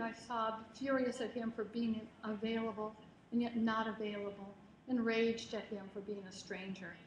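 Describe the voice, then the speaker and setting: A woman author giving a public reading of her memoir, in a measured, expressive voice that lingers on phrases. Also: a little high, highs cut off. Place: lecture hall at a reading event. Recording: roomy hall, faint noise, livestream.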